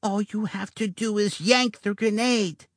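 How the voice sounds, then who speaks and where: A man's voice: high-pitched, unhurried, no room sound, clean studio sound, pitched above the performer's own voice. A man doing a defiant little girl. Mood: tense. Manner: tense and urgent. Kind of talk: audiobook character voice.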